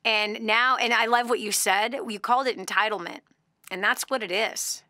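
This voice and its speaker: A woman hosting a call-in radio talk show, animated and quick to laugh, acting out little voices as she tells stories. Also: on the high side, no echo, studio quality.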